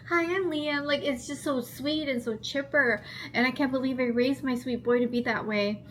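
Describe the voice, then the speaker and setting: Woman in her thirties, vlogger; earnest, rambling home chat, voice a touch high, faint hiss behind. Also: a bit bright. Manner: rambling, earnest, heavy use of "like". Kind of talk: casual chat to camera.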